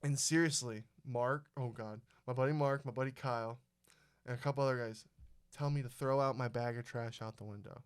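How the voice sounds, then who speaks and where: A young man telling a story on a casual podcast, swearing freely and talking with animation. His voice is smooth and resonant, pitched in the middle for a man. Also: steady tone, brisk. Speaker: podcast host. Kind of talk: casual chat.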